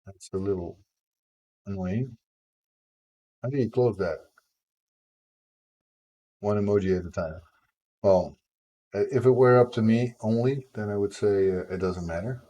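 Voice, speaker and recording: A man with a very deep, low-pitched voice talks casually on a live stream. He rambles a little and keeps up a playful back-and-forth with viewers as he works on his game. His tone stays relaxed and chatty throughout. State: tickle in the throat. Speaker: indie game developer streaming.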